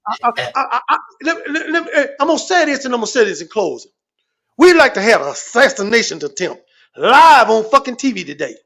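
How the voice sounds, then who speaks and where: High-voiced man on a profane rant. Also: fairly quick, gravelly. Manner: animated, repetitive, swearing constantly, comic exaggeration.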